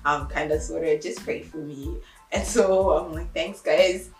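A woman's voice: moderate pace, reverberant, faint music behind. A young woman casually telling a story, acting out the voices of everyone in it and laughing as she goes. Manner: animated, acts out quotes with big pitch jumps and laughs. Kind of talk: casual anecdote.

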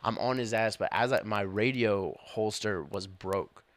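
Animated young man telling cop stories. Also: fairly low pitch, a little slow, dry recording. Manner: animated, swearing, laughing while telling stories. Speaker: police officer, podcast co-host. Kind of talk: casual storytelling chat.

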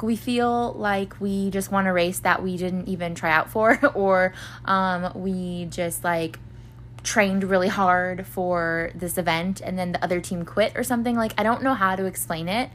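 A woman's voice: medium pitch, fairly bright tone, a little hiss or hum. A young woman hosting a podcast, telling a personal story in a rambling, casual way, full of fillers and swearing. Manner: rambling, filler-heavy, swears freely, acts out voices of others. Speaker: podcast host.

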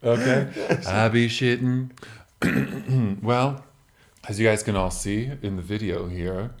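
A man's voice: on the low side, steady tone, takes it slowly. A man co-hosting a podcast in casual chat, with campy, teasing banter and drawled asides. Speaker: podcast co-host.

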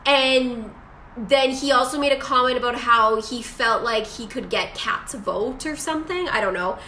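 A woman's voice: fairly high pitch, sharp tone. A young woman casually recapping a show and acting out quotes in dramatic voices. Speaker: podcast co-host. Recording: echoey room with faint noise.

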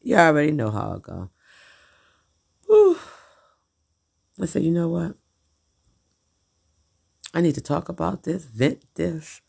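A woman's voice: low voice, big pitch swings, slow, vocal fry, long pauses, darkish tone, slightly rough. A middle-aged woman venting in a blunt, profane, repetitive monologue about her husband. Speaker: vlogger.

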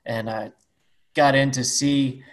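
Male podcast host, mid-pitched, easygoing and halting. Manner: relaxed, halting, with fillers. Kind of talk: casual podcast conversation.

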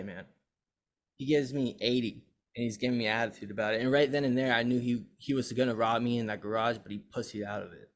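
A young man hosts a podcast and tells a long story in loose casual chat. His voice sits at an ordinary middle pitch, and he rambles and curses freely as he acts out what others said. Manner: rambling, profane, animated retelling. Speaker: podcast host.

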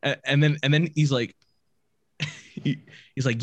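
A man's voice: mid-range voice, fairly even intonation, unhurried, long pauses, no room sound. A young man casually telling a rambling, profane story with many restarts and bursts of laughter. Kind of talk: casual chat.

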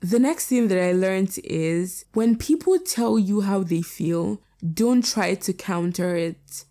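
A young woman in her late teens hosting her own podcast in a candid, casual monologue, rapid and repeating herself for emphasis. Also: mid-range voice, expressive, mellow. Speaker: podcast host.

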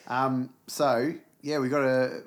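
A man co-hosting a casual podcast, relaxed and teasing. He reads listener questions in an easy, mid-pitched voice. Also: slow pace. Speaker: podcast co-host. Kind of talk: casual chat.

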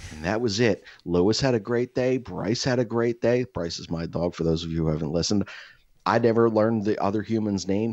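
A young adult man co-hosting a podcast, telling a profane, animated story with mimicked voices in casual chat. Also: on the low side, dry recording, dull audio. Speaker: podcast co-host.

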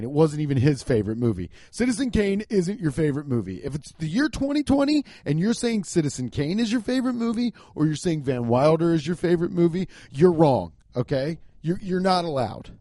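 A man's voice: on the high side, fairly quick, few pauses, no room sound, clean studio sound. A man hosting a podcast, riffing in a comedic rant, swearing often and laughing as he talks. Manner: profane, laughing, animated riffing. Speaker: podcast host.

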